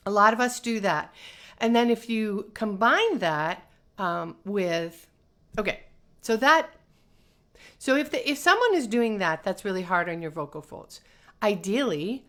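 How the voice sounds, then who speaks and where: Animated bright-voiced woman voice teacher. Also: medium pitch. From North America. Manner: animated, sing-song, chatty with laughs. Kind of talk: live-streamed teaching talk, reading viewer comments.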